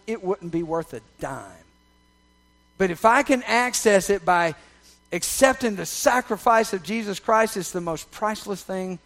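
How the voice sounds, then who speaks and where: A man preaching a sermon, swinging from loud, emphatic passages to soft, confiding ones and checking in with the congregation. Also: high voice. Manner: conversational, checks in with the audience. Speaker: pastor.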